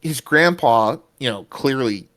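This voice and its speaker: Rambling podcast co-host, lots of fillers. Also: male voice, mid-range voice, lively intonation, fairly bright tone. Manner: rambling, many fillers, does quick mock voices. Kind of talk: casual chat.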